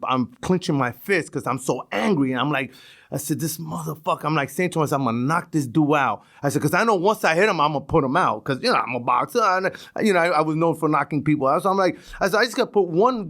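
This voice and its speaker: Animated New York man telling stories. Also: fairly high pitch, quick pace. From East New York, Brooklyn. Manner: animated, acts out voices in his stories, swears. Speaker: podcast guest. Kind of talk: casual storytelling.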